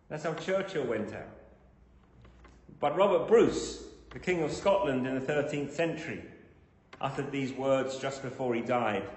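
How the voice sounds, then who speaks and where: A man's voice: medium pitch, measured pace, darkish tone. Man, sermon, emphatic repeated phrases, echoey church hall, long reverb. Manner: builds to emphatic, rising repetition. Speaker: preacher.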